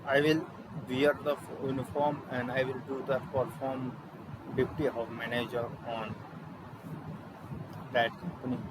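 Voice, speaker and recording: A young man with an Indian accent, a Hindi speaker, practicing spoken English into his laptop in a halting, word-searching way. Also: mid-range voice, flat delivery, heavy background noise. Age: young adult. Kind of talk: self-recorded practice monologue. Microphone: laptop microphone.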